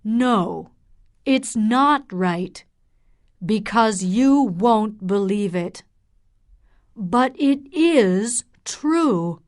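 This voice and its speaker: A stern middle-aged father and doctor, read by a woman. He speaks gravely, at an extremely slow, deliberate pace, as if every word is a warning. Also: medium pitch, expressive. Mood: reproachful.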